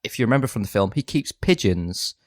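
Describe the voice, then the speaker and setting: Man telling comic tales with deadpan earnestness. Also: on the low side, fairly quick, no echo, clean studio sound. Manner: deadpan, earnest, rising to frantic shouts. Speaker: co-host. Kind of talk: improvised comedy sketch.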